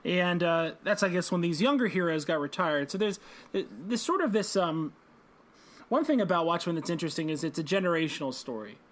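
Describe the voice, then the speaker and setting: A young man co-hosting a podcast, retelling a comic in an animated, laughing way. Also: on the high side, brisk. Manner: animated storytelling, laughs often. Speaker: podcast co-host. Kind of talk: casual chat.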